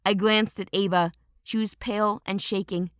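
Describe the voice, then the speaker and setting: A woman narrating a first-person audiobook in a steady, dramatic storytelling manner. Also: medium pitch, moderate pace, smooth, dry recording, studio quality.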